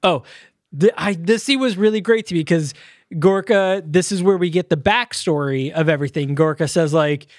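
Higher-voiced man casually reviewing a film. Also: moderate pace, dry recording, studio quality. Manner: loose retelling full of uh and um fillers. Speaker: podcast co-host. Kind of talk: casual movie review chat.

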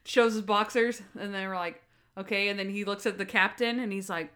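Young woman chatting on a podcast, super animated, does the voices in her stories. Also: brisk. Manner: animated, acts out quotes with big pitch jumps. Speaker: podcast co-host. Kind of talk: casual chat recapping a TV show.

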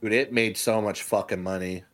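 A man's voice: on the low side, fairly even intonation, moderate pace. A man co-hosting a podcast in casual chat, swearing often and laughing a lot as he rants. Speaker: podcast co-host.

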